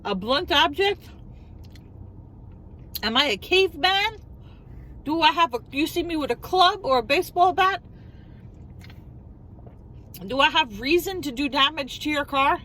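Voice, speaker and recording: A middle-aged woman vlogger tells a story while eating, animated and incredulous, firing off rhetorical questions. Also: high voice, a little slow, long pauses, slight background noise, low-quality recording.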